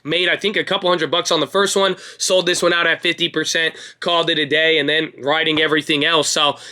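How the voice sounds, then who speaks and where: A young man hosting a stock trading channel, going over his watch list in a casual, energetic way and ending with a hyped-up motivational send-off. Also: on the high side, fairly quick, clean tone. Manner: talks with his hands.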